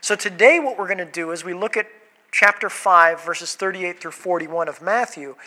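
A man in his thirties, a pastor preaching a sermon and telling a family story in a lively, storytelling way. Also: high voice, normal speed, low-quality recording. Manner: storytelling, animated, laughs while telling.

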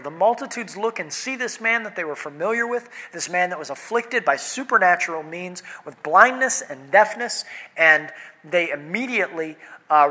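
A man's voice: on the high side, sharp tone. A man preaching a sermon as pastor, reading scripture aloud, praying, then teaching in an earnest, emphatic way with pointed questions.

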